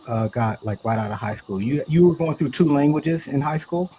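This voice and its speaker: A man's voice: fairly high pitch, animated, normal speed, few pauses, a little mellow, a little hiss or hum, rough recording. A man co-hosting a podcast who asks the guest about her background in a curious, conversational way. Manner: curious, conversational questioner with frequent restarts. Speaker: podcast co-host interviewer. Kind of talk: casual interview chat.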